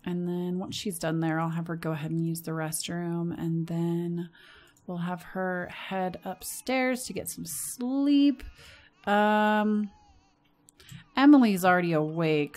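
An American woman hosting a casual let's-play, chatting with her game characters and breaking into quick bursts of excitement. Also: fairly low pitch. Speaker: gaming channel host.

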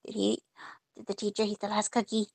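A woman's voice: medium pitch, completely flat delivery, fairly quick, vocal fry, darkish tone, no room sound. A woman playing a point-and-click game, reading the on-screen text aloud and reacting with mock frustration as she goes. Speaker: gamer. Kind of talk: casual let's-play commentary.

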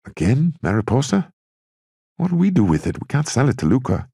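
An easygoing young bootlegger jokes along in a lifted, nasal-edged register, as a man reading a novel puts him on. Gravel and husk stay in the voice, and the recording is close and dry. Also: medium pitch, very animated, moderate pace, warm tone, no echo, voice pushed up, full character voice.

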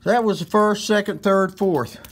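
A man with a West Virginia accent talks through a hands-on demonstration in a folksy, rambling way, full of fillers. His voice sits high, and he takes his time with every step. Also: a little slow. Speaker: hunting channel host. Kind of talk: casual how-to demonstration.

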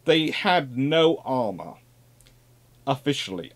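Animated man giving a naval history lecture. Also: medium pitch, moderate pace. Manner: lively, conversational, with asides and repetitions.

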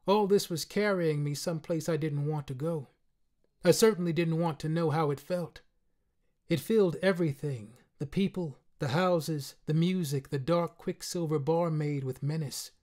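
A man narrating a literary short story in the first person, in a quiet, measured, somber way. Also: on the high side. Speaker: reader.

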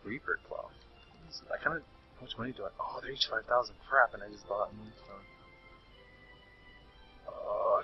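A man's voice: lowish voice, normal speed, long pauses. A young man streaming a handheld game, chatting casually with a friend and reading menus aloud. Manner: chatty, reads menu text aloud, laughs often. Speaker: let's-play streamer. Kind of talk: casual gameplay commentary. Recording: lo-fi stream audio with faint game music.

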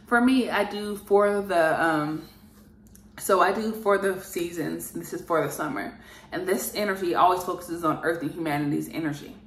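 A woman's voice: fairly low pitch, moderate pace. Earnest woman channeling in a roomy echo. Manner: earnest, repetitive, emphatic; loose and rambling with fillers. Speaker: spiritual channeler. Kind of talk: channeled spiritual message monologue.

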